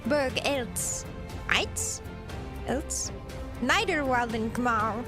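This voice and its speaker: A woman's voice: a little high, animated, extremely slow. A woman streamer giggling through a casual reaction stream, sounding out place names as she goes. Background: background music.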